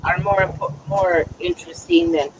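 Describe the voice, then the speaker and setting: A man's voice: sits high, very animated, moderate pace, vocal fry, background noise. A man chatting casually on a livestream, telling frank, exasperated stories. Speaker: livestream chat participant. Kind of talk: casual group chat.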